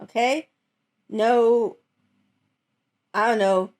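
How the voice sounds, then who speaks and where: A woman's voice: a little high, steady tone, extremely slow, a little mellow. A woman hosting a casual reaction chat about fan memes, talking animatedly and often breaking into laughter. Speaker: host reviewing fan memes.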